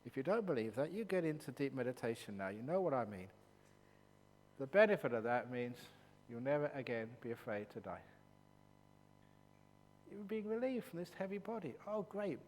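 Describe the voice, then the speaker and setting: A man, a monk and meditation teacher, giving a dharma talk at a retreat in an animated, jokey storytelling manner. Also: a little high. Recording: long hall reverb, faint hum.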